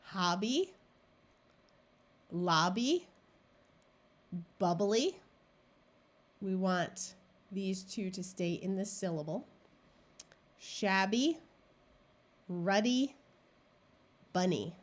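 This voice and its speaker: A woman teaching syllable division to adult learners. She speaks unhurriedly and leaves space between words. Her pitch sits in an ordinary middle range. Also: lively intonation. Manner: slow, deliberate, clear word-by-word modeling. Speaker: reading tutor. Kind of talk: phonics lesson narration.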